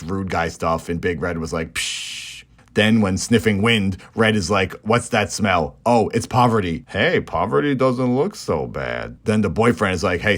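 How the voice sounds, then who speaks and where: A man narrating a comedic movie recap in a deadpan way, slipping into quick silly character voices. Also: deep voice.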